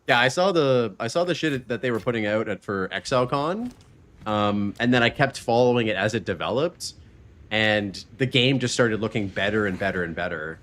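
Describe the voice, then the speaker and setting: A man's voice: on the low side, expressive, normal speed, fairly bright tone. A man hosting a live stream, chatting loosely and swearing freely while he plays a game and talks about his podcast. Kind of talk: casual live-stream chat while gaming.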